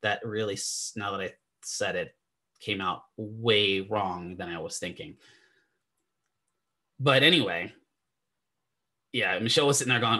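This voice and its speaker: A man's voice: fairly low pitch, unhurried, long pauses, sharp tone. A man teaching a classroom lecture in a chatty, digressive way, often asking the students questions. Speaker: physical therapy instructor.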